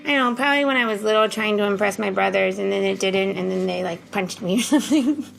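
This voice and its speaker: A comedian in her thirties with a central Pennsylvania twang, giving dry, deadpan one-liners in a quick-fire interview. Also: mid-range voice, vocal fry, faint music behind, rough recording.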